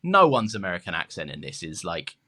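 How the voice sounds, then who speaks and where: A man's voice: low voice, wildly swooping pitch, a little fast, bright, forceful tone. A man co-hosting a podcast, talking animatedly with frequent hesitations. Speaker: podcast co-host. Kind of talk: casual chat.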